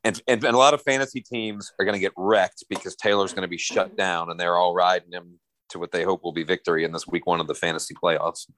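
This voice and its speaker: A man's voice: low-pitched, fairly even intonation, quick pace, a bit bright, a little hiss or hum, rough recording. A man talking casually about football picks, giving rambling opinions. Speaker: co-host. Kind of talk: casual sports chat.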